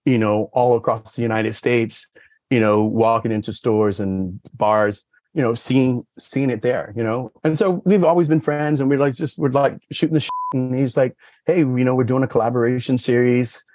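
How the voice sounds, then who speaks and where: A man's voice: normal speed, darkish tone, dry recording. A man who is a sommelier, telling stories as a podcast guest in casual chat, with lots of "you know" and "like", acting out quoted dialogue. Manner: rambling storyteller, many fillers like "you know" and "like"; acts out quoted dialogue with raised pitch.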